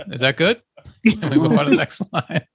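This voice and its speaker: A man co-hosting a casual podcast, making deadpan, ironic jokes. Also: a little high. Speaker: podcast co-host. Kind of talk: casual comedic banter.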